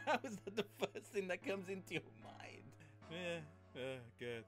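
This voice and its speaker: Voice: medium pitch, lively intonation, a little slow, faint music behind. A reactor giving amused commentary on clips, exclaiming and laughing. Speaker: video reactor.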